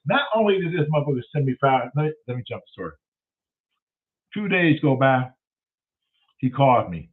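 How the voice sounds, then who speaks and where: A man's voice: medium pitch, normal speed, long pauses. A man telling a casual, profane story as the host of a talk show, acting out every voice. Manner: profane, animated storyteller who acts out the voices. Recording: tinny phone-like sound.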